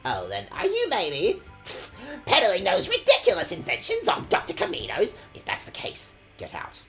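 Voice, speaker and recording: A man doing a chatty old lady, bright tone, wildly swooping pitch, sweetly mannered. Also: wildly swooping pitch, normal speed, vocal fry, faint music behind, full character voice. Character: genteel elderly woman, trainer's wife, chatty.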